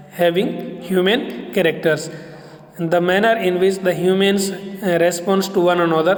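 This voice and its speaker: A man giving a recorded literature lecture to students, explaining each point slowly and deliberately. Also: high voice. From India. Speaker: English lecturer. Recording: echoey roomy recording.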